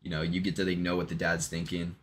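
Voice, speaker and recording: A man with a very low voice tells a long story in a loose, meandering way. He stops and restarts often, fills gaps with ums and drops the occasional swear word. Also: completely flat delivery, fast talker, noisy background. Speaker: vlogger. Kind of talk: casual rambling monologue retelling a joke.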